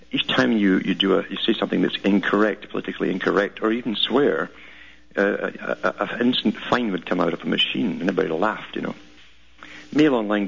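A very low, heavily gravelly male voice comes through a dull, lo-fi radio broadcast, slightly husky at the edges. He rambles through news clippings as a talk radio host, sardonic and stumbling over repeated words as he goes. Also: a bit bright.

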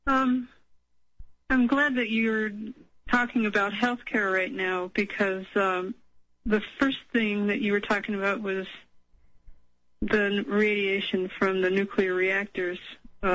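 A woman from Colorado calling in to a radio show on the phone, speaking hesitantly with many pauses and ums. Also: medium pitch, little pitch movement, a bit bright, no echo, muffled recording. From Colorado, USA. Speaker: caller. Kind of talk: phone-in conversation.

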